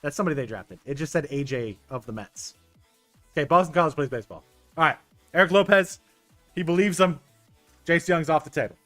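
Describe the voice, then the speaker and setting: A young man streaming a baseball management game, chatting casually with his viewers, excitable and stumbling over restarts. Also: a little high, a little fast, pauses often, no echo. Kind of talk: casual gameplay commentary talking to chat. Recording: dry close mic with faint game music.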